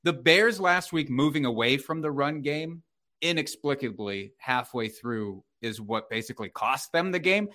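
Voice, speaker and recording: A man's voice: mid-range voice, normal speed. A man co-hosting a sports podcast, going over running back stats in an informal, chatty way. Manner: lively, bright, informal. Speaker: podcast co-host. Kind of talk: casual fantasy football chat.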